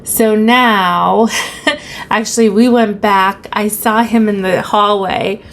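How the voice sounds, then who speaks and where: A woman's voice: mid-range voice, steady tone, slow pace. Woman telling a personal story casually. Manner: conversational, retelling dialogue in her own voice. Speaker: teacher and vlog host.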